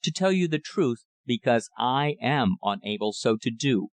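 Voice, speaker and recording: A man voicing an older, thin-faced country rector with a slow clerical drawl and a cynical edge. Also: mid-range voice, animated, dry recording, close to an everyday voice. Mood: grave, warning.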